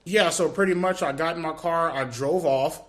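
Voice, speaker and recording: A man's voice: a little high, normal speed. Rambling, foul-mouthed man. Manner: rambling, swears heavily, leans on "you know what I mean". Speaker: interviewee. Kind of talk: casual, profane interview answers.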